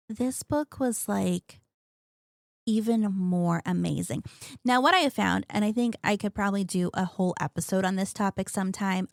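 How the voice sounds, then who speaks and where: A woman's voice: medium pitch, vocal fry, dry recording, clean studio sound. A woman in her thirties hosting a podcast, chatting casually and gushing enthusiastically about the books and shows she loves. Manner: gushing, chatty, animated storyteller. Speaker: podcast host.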